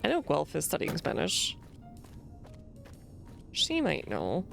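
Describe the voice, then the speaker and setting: A woman with a low, heavily gravelly voice gives rambling let's-play commentary while game music plays softly behind her. Her pitch swings widely as she questions herself out loud. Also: wildly swooping pitch, slow. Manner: rambling, self-questioning, giggly asides. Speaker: gaming streamer.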